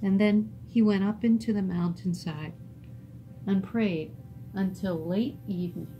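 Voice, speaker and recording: A woman tells a Bible story to children at a slow, careful pace, her voice swinging up and down as she acts out the lines. She speaks at a middle pitch for a woman. Soft music plays faintly behind her. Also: lo-fi sound. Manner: animated, acts out characters' lines with big pitch jumps. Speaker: children's Bible lesson teacher. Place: church.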